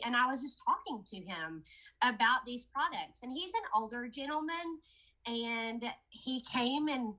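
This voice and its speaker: Chatty bright-voiced woman telling a story. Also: a little high, animated, a little slow, rough recording. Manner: chatty storytelling, addressing listeners as "you guys". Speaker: product promoter. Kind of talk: casual training talk to a sales team.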